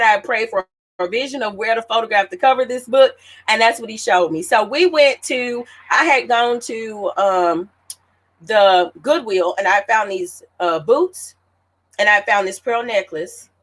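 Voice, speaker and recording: Chatty woman in her late thirties telling a story. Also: fairly high pitch. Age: late 30s. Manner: animated, chatty, addresses listeners as y'all. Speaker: author hosting her own celebration. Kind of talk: casual storytelling to an audience.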